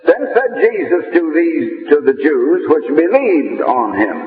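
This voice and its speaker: A man preaching a sermon to his congregation, reading scripture aloud in slow, measured emphasis with pauses and an occasional "uh". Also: on the high side. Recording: tinny old radio broadcast with long echo.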